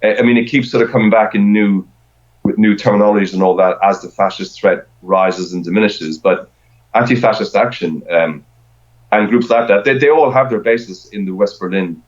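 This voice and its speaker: Deep-voiced middle-aged man, lo-fi. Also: moderate pace. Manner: rambling, with frequent repeated words and restarts. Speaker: podcast guest. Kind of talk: casual conversation. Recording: dull lo-fi sound.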